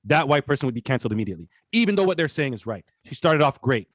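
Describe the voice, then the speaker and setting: A man's voice: mid-range voice, sing-song, racing, a bit bright, dull audio. A man co-hosting a podcast, reacting to clips with blunt, joking commentary. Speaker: podcast co-host. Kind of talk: casual commentary.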